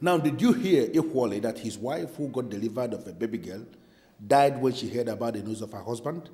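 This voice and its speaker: A man's voice: medium pitch, animated, fairly quick, mellow, lightly acted. A man with a Nigerian English accent playing a stern police officer who interrogates a witness in formal, threatening tones.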